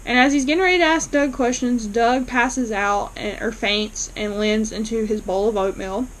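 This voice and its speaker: A woman's voice: on the high side, steady tone, moderate pace, a bit bright, poor audio. A woman casually recapping a TV episode for her channel, retelling the plot in a chatty way with lots of fillers. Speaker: TV episode reviewer.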